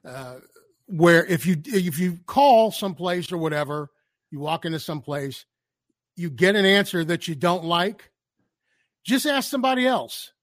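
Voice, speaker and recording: A man with a notably high voice co-hosting a loose comedy chat show. He answers in dry, wry asides and sly riffs. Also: lively intonation, moderate pace. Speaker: podcast co-host.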